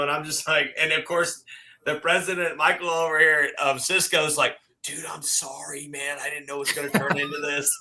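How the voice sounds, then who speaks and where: A middle-aged man with a slightly high voice guests on a casual chat show, captured in a low-quality recording. He tells a long story animatedly, acting out what people said.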